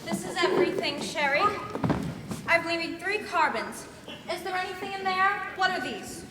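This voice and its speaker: A young woman playing a brisk secretary. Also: very high voice. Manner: brisk, businesslike. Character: efficient female secretary, brisk and practical. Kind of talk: high school stage play. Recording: echoey hall from far off, noisy.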